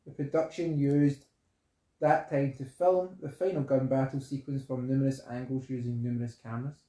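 A man's voice: medium pitch, steady tone, normal speed, warm tone. A man with a Scottish accent co-hosting a film podcast, reading trivia in a dry, provoking way. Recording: echoey room.

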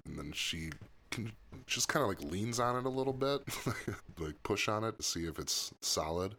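A man's voice: rumbling low, measured pace, sharp tone. A man playing a tabletop game casually, talking in a hesitant way with restarts. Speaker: player.

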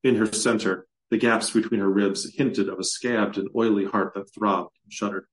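Man calmly narrating dark fantasy. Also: fairly low pitch, normal speed, poor audio. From USA. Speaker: author reading his story.

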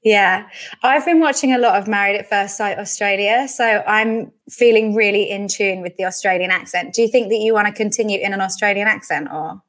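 A woman's voice: medium pitch, fairly quick, a bit bright. A woman hosting a podcast, chatting casually and laughing easily with a friend. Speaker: podcast host. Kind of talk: casual chat.

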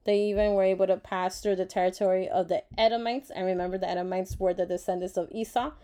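A woman's voice: mid-range voice, steady tone, fast talker, warm tone. A woman giving a casual Bible devotional reading, reflective and earnest, with many fillers, who talks openly about feeling emotional and grateful. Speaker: Bible study vlogger.

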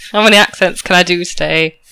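Bright-voiced, giggly woman co-host. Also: mid-range voice, dry recording. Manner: giggly, playful. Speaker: podcast co-host. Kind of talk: casual banter.

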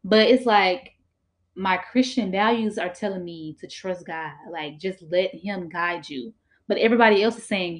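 A young woman in college chatting casually about faith, lively, laughing and filling with "like". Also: lowish voice, moderate pace. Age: young adult. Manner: lively, laughing, filler-heavy, affirms often.

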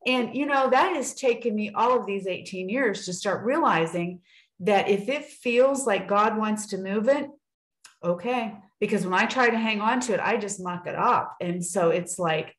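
A woman's voice: mid-range voice, moderate pace. Earnest woman telling her story, roomy sound. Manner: earnest storytelling with acted-out quotes. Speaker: guest sharing her faith story. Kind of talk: casual testimony on a video call. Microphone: video call.

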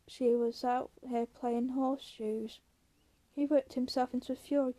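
High, mellow woman reading a novel aloud. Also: a little slow. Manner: steady, with slips and self-corrections. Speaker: audiobook reader.

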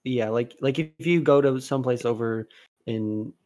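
A man co-hosting a podcast in casual chat. He rambles with lots of fillers and has sudden animated bursts. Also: medium pitch, moderate pace. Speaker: podcast co-host.

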